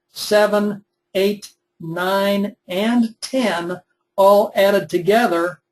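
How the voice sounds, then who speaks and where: Webinar instructor: young man, high voice, casual step-by-step explaining. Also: poor audio. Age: 20s. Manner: conversational, explains step by step with fillers. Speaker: web development instructor. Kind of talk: recorded webinar demonstration.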